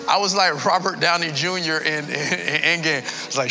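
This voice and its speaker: A man's voice: fairly high pitch, fairly even intonation, a little fast, hardly any pauses, pushed and bright, faint music behind. A man in his thirties, a pastor telling a personal story in a sermon, emotional and building to a preaching cadence.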